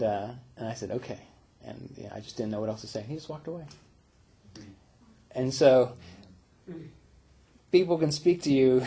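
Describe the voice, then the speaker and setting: A man who teaches meditation, telling personal stories in a relaxed, reflective way, with fillers and small laughs. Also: medium pitch, breathy edge. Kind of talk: casual spiritual talk.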